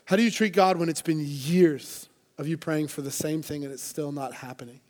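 A man's voice: fairly high pitch, moderate pace, darkish tone. A man preaching a sermon to a church congregation, earnest and conversational, with playful asides. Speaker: pastor.

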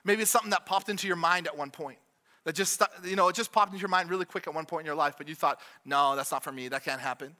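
Bright, high-voiced man preaching a sermon. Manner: conversational, repeats phrases, quick asides. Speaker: pastor. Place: church with congregation.

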